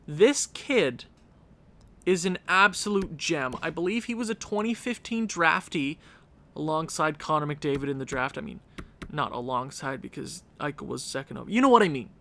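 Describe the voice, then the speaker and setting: A young man giving energetic, opinionated commentary on a hockey franchise mode, rambling and correcting himself as he goes. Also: on the high side. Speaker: gaming YouTuber.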